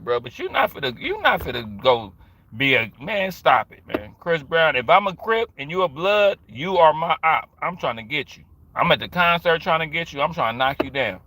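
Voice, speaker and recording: A man's voice: on the high side, expressive, moderate pace, sharp tone, no room sound. A man streaming live commentary, slangy and boisterous, riffing to his chat. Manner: slangy, boisterous, storytelling with put-on voices. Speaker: streamer reacting to news.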